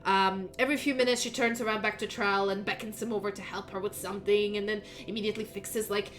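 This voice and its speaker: A woman's voice: mid-range voice, steady tone, fast, fairly bright tone. A woman narrating as game master in a casual, hesitant way, with many fillers. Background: faint background music.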